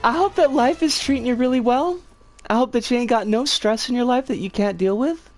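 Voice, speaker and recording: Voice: medium pitch, fairly quick, soft background music. A streamer chatting casually with viewers while playing a game, giggling often and swearing when the game goes wrong. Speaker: livestreamer reading chat.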